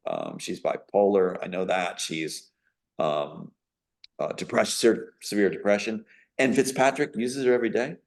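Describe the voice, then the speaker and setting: A man with a somewhat low-pitched voice speaks as a guest in an interview. He tells a long personal story in a rambling way. His tone is emphatic and indignant, and his sentences are broken up by ums and uhs. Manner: emphatic, indignant, with frequent fillers.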